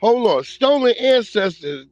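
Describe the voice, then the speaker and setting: A man's voice: very high voice, very animated, a little slow, darkish tone, no room sound. A man co-hosting a live online show, telling a loose, profane story. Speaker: co-host. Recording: dry, dull lo-fi call audio.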